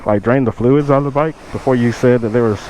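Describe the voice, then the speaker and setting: A young man, casually telling a storytime and quoting others in a raised, lively voice. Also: mid-range voice, fast talker, slight background noise, rough recording. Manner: animated retelling, quotes others in raised voice. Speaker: motovlogger.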